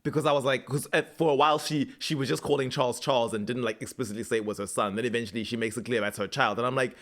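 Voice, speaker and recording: A man's voice: medium pitch, racing. A man co-hosting a podcast, chatting casually and laughing often as he recaps a TV show. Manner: animated storyteller, acts out quoted lines, laughs often. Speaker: podcast co-host.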